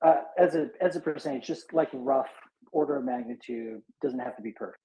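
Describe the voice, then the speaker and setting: Tired after a sleepless night, a man in a live audio chat room works through rough back-of-envelope numbers aloud, halting, full of fillers and restarts. His voice is medium in pitch, and the room sounds echoey.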